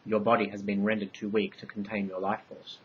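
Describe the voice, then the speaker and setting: Man reading as an all-knowing divine bee queen, solemn, measured, lowish voice, muffled audio. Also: monotone, slight background noise, natural voice.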